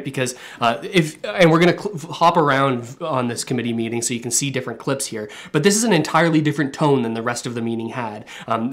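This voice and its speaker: A man's voice: mid-range voice, fairly bright tone. Chatty man from Canada commenting on clips. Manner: chatty, many fillers and restarts, reacting to footage. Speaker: finance commentator.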